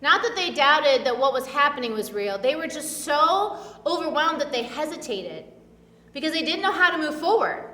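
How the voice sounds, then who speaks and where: A woman's voice: sits high, very animated, normal speed, sharp tone, echoey room, big-room sound, recorded from a distance. A woman preaching a casual sermon in a chatty, filler-heavy way, acting out the voices she quotes. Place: church.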